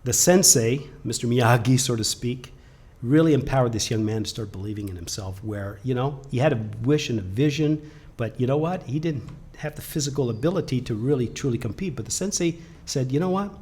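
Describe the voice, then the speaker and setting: A man presenting a webcast, telling a motivational story with an animated delivery that swings from loud bursts to hushed lines. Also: mid-range voice, a little fast, husky.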